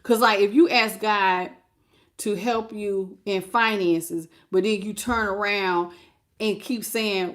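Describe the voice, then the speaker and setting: A woman's voice: mid-range voice, fairly even intonation, unhurried, fairly bright tone. A woman tarot reader giving a preachy, emphatic spiritual pep talk in casual, repetitive speech.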